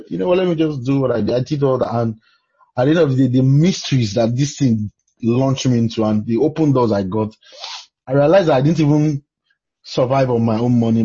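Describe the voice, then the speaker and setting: Nigerian male preacher, very raspy and mellow, exclamation-heavy storyteller, muffled lo-fi audio. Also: medium pitch, lively intonation, a little fast. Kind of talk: preaching in conversation.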